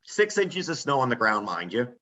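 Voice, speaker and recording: Man, podcast guest, animated casual storyteller, bright forceful tone. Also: mid-range voice, moderate pace, highs cut off, slight background noise. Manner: animated, acts out quoted voices. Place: front porch.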